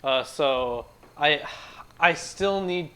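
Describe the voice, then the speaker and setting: Loose male host with a higher voice. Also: expressive, extremely slow, sharp tone. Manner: loose, swears casually. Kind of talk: casual livestream chat.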